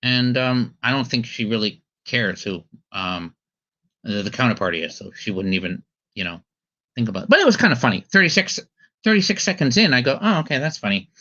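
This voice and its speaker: A man's voice: medium pitch, sing-song, a little fast, bright, forceful tone. A man hosting a casual podcast commentary chat, rambling with many ums and restarts. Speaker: podcast host. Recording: slightly dull lo-fi audio.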